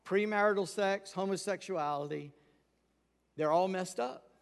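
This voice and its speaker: A man preaching a sermon in a church sanctuary, with a fairly high voice. He talks frankly and presses his points with emphasis. A long reverb rings around every phrase. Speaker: pastor.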